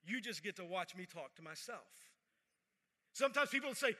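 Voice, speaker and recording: A man preaching a sermon to a church service in a conversational way. He repeats phrases and drops to a hush for emphasis. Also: sits high, lively intonation, a little fast, long reverb tail. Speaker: pastor.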